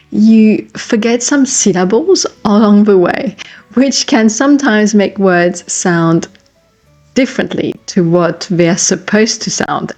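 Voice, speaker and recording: A woman with a French accent talks straight to the camera as a language teacher. Her pitch sits in a middle range. She is chatty and encouraging, slows down and repeats her main points. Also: a little mellow. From France. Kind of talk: casual video lesson.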